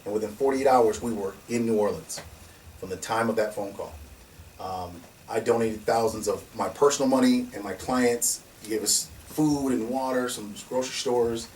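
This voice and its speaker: A man telling stories in a casual conversation as the founder of a security company, animated and laughing, often restarting and acting out what people said. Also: medium pitch, moderate pace. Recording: distant mic with faint noise.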